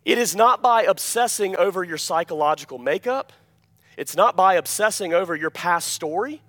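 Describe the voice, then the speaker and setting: A pastor preaching a sermon, emphatic, often asking the congregation "Amen?" and dropping to quiet asides between louder points. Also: male voice, expressive, normal speed. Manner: emphatic, repeats key phrases, calls "Amen?" to the congregation; swings between loud emphasis and quiet, low-voiced asides.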